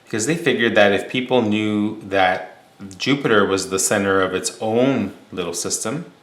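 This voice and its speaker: A man's voice: lowish voice, normal speed, a bit bright. Male teacher telling a story in an echoey room. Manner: casual, explanatory, with fillers and restarts. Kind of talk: storytelling lecture. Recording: echoey room with faint hum.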